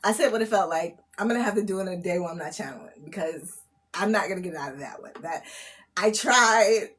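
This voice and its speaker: A woman, chatting on a live stream as a spiritual reader, laughing often, loud and disbelieving, full of slang. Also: fairly low pitch, brisk. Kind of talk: casual live-stream chat.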